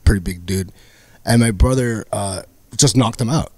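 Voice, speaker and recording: A man's voice: lowish voice, moderate pace, no room sound. A man guest telling wild stories in casual chat, acting out quotes and laughing often. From Canada. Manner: animated, acts out quotes, laughs a lot. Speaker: comedian guest. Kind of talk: casual storytelling.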